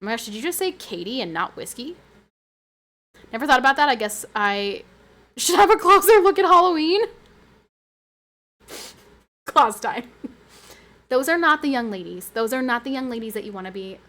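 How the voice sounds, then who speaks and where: A woman streamer chatting casually with her viewers and reading their messages aloud. She is animated and giggly, with sudden high squeals. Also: normal speed, long pauses. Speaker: livestreamer.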